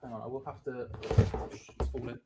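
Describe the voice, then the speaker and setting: A man's voice: mid-range voice, flat delivery, a little fast, heavy background noise. A man hosting a football watch-along, joking and chatting casually. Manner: joking, playful, talks over others. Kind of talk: casual chat.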